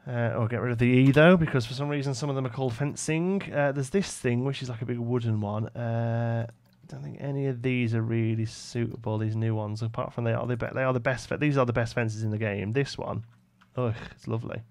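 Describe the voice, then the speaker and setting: A man with a Brummie accent from England's West Midlands chats casually on a live stream while building, reading out viewers' messages and answering them. His mid-range voice is brisk and a little mellow, with hardly any pauses, and there's no room sound.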